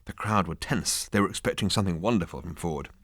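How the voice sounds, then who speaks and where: A man's voice: deep voice, quick pace, a bit bright, no echo. A man narrating an audiobook in a dry, wry storytelling manner.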